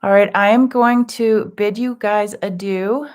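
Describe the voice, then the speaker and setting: A woman hosting a live spiritual group session, chatting gently and affectionately as she reads out viewers' comments with soft laughs. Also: mid-range voice, fairly even intonation, unhurried. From California. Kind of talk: casual live-stream chat.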